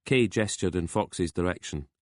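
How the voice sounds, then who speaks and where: A man narrating a crime novel audiobook in a steady, even storytelling manner on a close studio mic. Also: deep voice, normal speed, no room sound.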